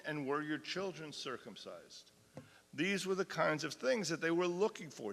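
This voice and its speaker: A man teaching an adult class speaks earnestly at a fixed microphone, his bright, forceful voice pitched a little high. The sound rings out with a long reverb from a large synagogue hall. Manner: earnest, reads with rising intensity. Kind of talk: lecture with dramatic reading aloud. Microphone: fixed microphone he cannot leave.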